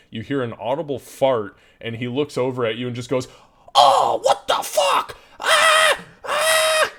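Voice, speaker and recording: A man narrating as game master of a tabletop game, casual and quick to laugh, swearing freely. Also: mid-range voice.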